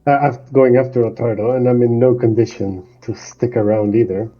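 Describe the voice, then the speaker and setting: Husky, low man on a dull mic. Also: fairly even intonation, a little fast, soft background music. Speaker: player. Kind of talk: tabletop game play.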